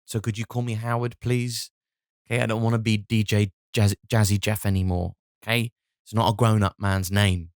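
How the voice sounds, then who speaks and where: A man's voice: fairly low pitch, little pitch movement, normal speed, no echo, clean studio sound, lightly acted. Man putting on a whiny, pleading middle-aged DJ. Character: embarrassed 47-year-old male DJ, pleading.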